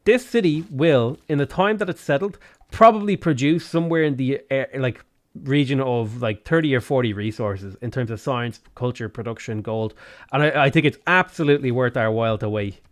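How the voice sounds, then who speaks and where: A man's voice: medium pitch, normal speed. A man with a Dublin Irish accent giving chatty live gameplay commentary, swearing freely with bursts of exasperation. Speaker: game streamer.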